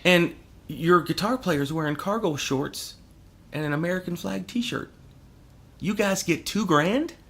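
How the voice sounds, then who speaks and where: A man's voice: sits high, measured pace, a bit bright, slightly rough. A man telling stories as a podcast guest, sarcastic and profane, often breaking into laughter. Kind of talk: casual podcast storytelling.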